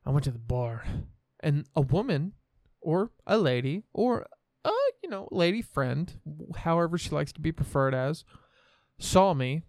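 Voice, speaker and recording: A man's voice: a little high, expressive, unhurried, darkish tone, no echo, studio quality. A young man from the American Midwest, hosting a podcast and telling a story in a rambling, profane, self-assured way. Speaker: podcast host. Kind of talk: casual storytelling chat.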